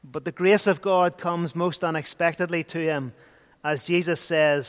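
A man preaches with a notably high voice, earnest and rising into emphatic bursts. His words ring out with a long church reverb trailing behind. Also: fairly even intonation, a little slow. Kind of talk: sermon.

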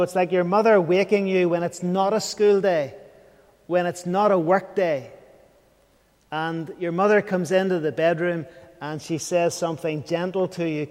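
A man's voice: high-pitched, steady tone, moderate pace, darkish tone, in a large hall. A man preaching an evening sermon, earnest and questioning, sometimes dropping to a near whisper.

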